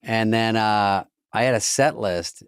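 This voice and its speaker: A middle-aged man co-hosting a podcast, wry and deadpan, telling stories with quoted exchanges and sound effects. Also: fairly low pitch, unhurried, clear, resonant tone, dry recording, studio quality. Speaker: podcast co-host. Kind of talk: casual comedy chat.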